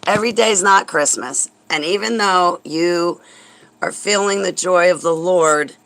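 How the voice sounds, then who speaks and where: Woman, gravelly fry, bright edgy tone, indignant sarcastic rant, cursing. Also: on the low side, unhurried, rough recording. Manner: indignant, sarcastic, swears when angry. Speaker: vlogger. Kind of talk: heated religious rant.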